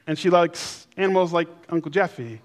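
A man preaching a sermon, telling stories with playful voices, then slowing and softening for emphasis. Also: on the high side. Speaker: pastor.

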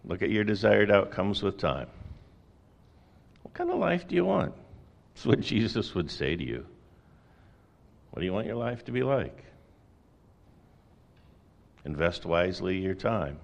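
A man's voice: sits low, sing-song, a little slow, vocal fry, pauses often. A middle-aged man preaching a sermon in a conversational way, with folksy asides and rhetorical questions. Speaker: pastor.

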